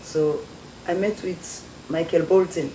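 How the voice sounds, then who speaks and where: A woman's voice: fairly low pitch, slow pace. A young Sierra Leonean woman telling her story as a guest, acting out the voices of people she quotes. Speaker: guest, former beauty queen. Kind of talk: storytelling interview. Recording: echoey studio with faint noise.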